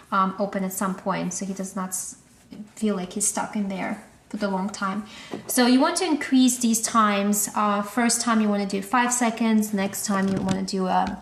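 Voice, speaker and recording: A woman at home calmly explaining, step by step, how she crate-trains her new puppy, in a casual how-to manner. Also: mid-range voice. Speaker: vlogger, new puppy owner. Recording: roomy echo, faint background noise.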